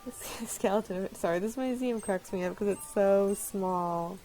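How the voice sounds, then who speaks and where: A woman's voice: medium pitch, a little slow, warm tone, soft background music, poor audio. A woman giving casual, rambling commentary while playing a game, often apologizing and laughing at herself. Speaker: let's-play host.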